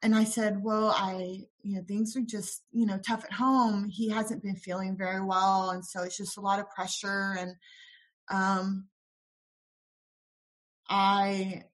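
Young woman guest, soft and halting storyteller, mid-pitched, recounts events with lots of ums and quoted dialogue. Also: level tone. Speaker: interview guest. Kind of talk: personal story in a podcast interview.

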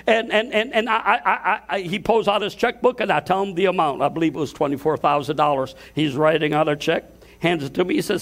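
An older man preaching a sermon to his congregation at a church service, impassioned, climbing to shouts and stumbling over restarts. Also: sits high, quick pace. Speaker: pastor.

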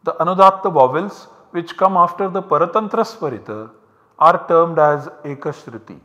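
Male lecturer, bright and fairly high voice, explains step by step. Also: expressive, moderate pace, muffled recording. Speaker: university lecturer. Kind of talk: recorded academic lecture. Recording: long hall reverb.

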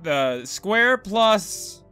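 A young man talks his way through a puzzle game, thinking aloud and poking fun at himself. His voice is bright and a little high for a man, and he speaks slowly. Faint game music sits behind him. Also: sing-song, clean tone. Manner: rambling, self-mocking, thinking aloud. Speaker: gaming video host. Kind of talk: let's-play commentary.

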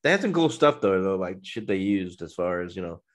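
A man's voice: low-pitched, sing-song, a little fast. A young man co-hosting a casual podcast chat, laid-back and stumbling over hard words. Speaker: podcast co-host.

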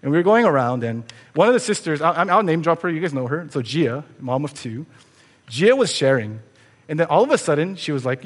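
A man's voice: fairly high pitch, sing-song, brisk, husky. A man preaching a sermon as pastor, earnest and conversational, asking his listeners pointed rhetorical questions. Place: church sanctuary. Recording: long church reverb.

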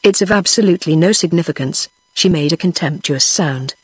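A synthetic woman's voice with a British English accent, reading a story in an even, steady manner without acting the characters. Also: lowish voice, fairly quick, husky, dry recording. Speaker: audiobook narrator. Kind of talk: text-to-speech audiobook reading.

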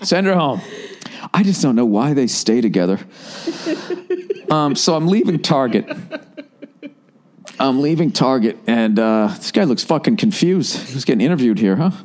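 A man's voice: medium pitch, sing-song, moderate pace, long pauses, a little mellow. A man in his forties hosting a podcast, telling comic stories in a casual, profane way and laughing at his own jokes. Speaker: podcast host. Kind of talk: casual comedic storytelling.

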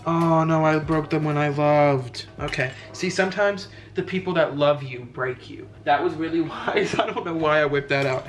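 A man's voice: on the high side, moderate pace, few pauses. A man chatting casually to camera in a vlog, dramatic and slangy as he talks. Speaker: vlogger.

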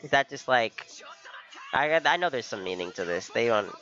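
A young man casually reacting to an anime episode as the host, excitable and peppering his talk with "bro". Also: mid-range voice, moderate pace, lo-fi sound. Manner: excitable, keeps saying "bro".

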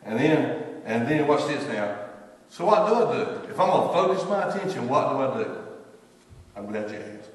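A man's voice: medium pitch, sing-song, moderate pace. A man preaching a sermon as pastor, telling folksy stories and acting out what people say. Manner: folksy storytelling, acts out quoted voices. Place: church sanctuary. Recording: distant echoey church hall recording.

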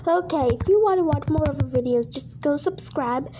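Very high-pitched emotional young woman. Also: normal speed, background noise. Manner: emotional, exclaiming and half-crying. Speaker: reaction video host. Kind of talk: reacting to a video and singing along.

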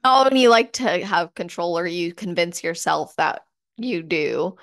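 A woman hosting a podcast, telling examples in a relaxed, chatty way with fillers. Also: on the low side, unhurried. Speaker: podcast host. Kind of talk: casual podcast conversation.

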